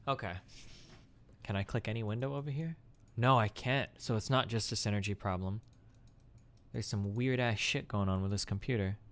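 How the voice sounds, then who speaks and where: A man's voice: on the low side, normal speed, long pauses, fairly bright tone. A man streaming live, chatting offhand and crudely while reacting to clips and fighting his computer. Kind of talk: casual livestream chat.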